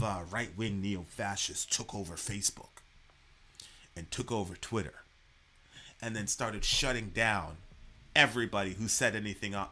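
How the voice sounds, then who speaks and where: On a reaction podcast, a male co-host goes on an animated, casual political rant, swearing and stumbling over repeated words. His lowish voice is bright with a forceful tone.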